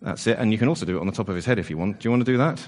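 A man's voice: lowish voice, racing, darkish tone. A man leading an all-age church service, chatty and playful with the children, with lots of fillers and restarts. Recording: long church reverb.

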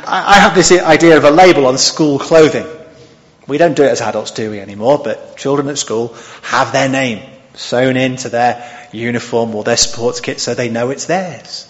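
A man's voice: mid-range voice, fairly even intonation, normal speed. Man preaching in an echoing hall. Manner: expository, asks the congregation questions. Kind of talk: sermon. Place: church hall. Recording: dull sound with long hall reverb.

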